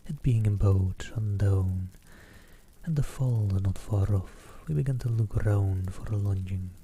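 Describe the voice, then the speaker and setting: Man in a dark, mellow ASMR whisper. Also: lowish voice, a little slow, a little hiss or hum. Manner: soft unvoiced whisper, reading a travel book aloud; self-deprecating asides between passages. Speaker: ASMR streamer.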